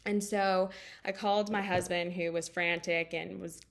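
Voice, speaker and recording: Woman, 30s, life coach; open, emotional storyteller, slightly low voice, lots of ums. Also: little pitch movement, measured pace, gravelly, a little hiss or hum. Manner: candid and emotional, with many fillers. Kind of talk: personal storytelling talk.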